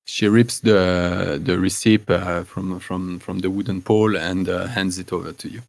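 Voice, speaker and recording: Halting man narrating as game master. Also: deep voice, flat delivery, vocal fry, a little hiss or hum. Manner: halting, full of fillers and restarts.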